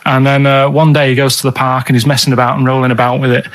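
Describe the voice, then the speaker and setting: Co-host, man; deadpan, meandering storyteller. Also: medium pitch, quick pace. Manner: rambling, matter-of-fact storyteller. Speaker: regular co-host. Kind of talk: casual radio chat.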